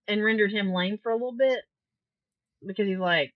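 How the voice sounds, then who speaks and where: A woman's voice: medium pitch, brisk, dry recording, highs cut off. A woman co-hosting a podcast, chatting casually about a book, laughing often and acting out quotes. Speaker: podcast co-host.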